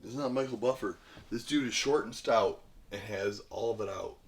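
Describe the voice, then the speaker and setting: A man retelling a film plot in a rambling, profane comedic way, bursting into loud acted-out lines. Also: lowish voice, moderate pace. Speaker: podcast guest retelling a film. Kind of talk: profane comedic movie recap.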